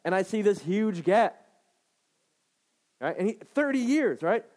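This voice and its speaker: This pastor, in his thirties, has a high, sing-song, slightly mellow voice and keeps a measured pace. Preaching to a congregation, he's emphatic, repeating phrases and checking in with "right?"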